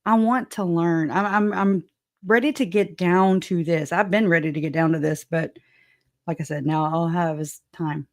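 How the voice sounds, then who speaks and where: On her relaxed true-crime livestream, a woman from southwest Louisiana talks with viewers, offers greetings, and laughs a lot between jokes. Her lowish voice keeps a fairly even intonation at a normal pace, and the studio recording is clean and echo-free.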